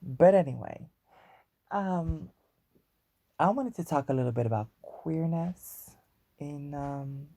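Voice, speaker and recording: A woman with a Guadeloupean accent talks slowly in a chatty, wandering way, hosting her own podcast. Her voice is gravelly with a husky edge. The sound is dry and close. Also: low-pitched, expressive, mellow, no echo. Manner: chatty, rambling, self-aware about being wordy. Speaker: podcast host. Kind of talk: solo podcast chat.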